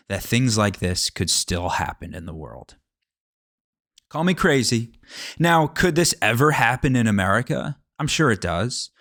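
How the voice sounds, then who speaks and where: A man's voice: mid-range voice, animated, a little slow, fairly bright tone, dry recording. Dry, rambling young man telling stories. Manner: rambling, asks the listener rhetorical questions. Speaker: podcast host. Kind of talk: casual storytelling monologue.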